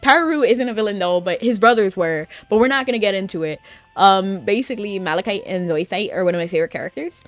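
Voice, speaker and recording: A woman's voice: mid-range voice, quick pace, no room sound, faint music behind. A young adult woman chatting casually on a gaming stream, rambling along with lots of "like". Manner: chatty and rambling, with frequent filler "like". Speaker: VTuber streamer.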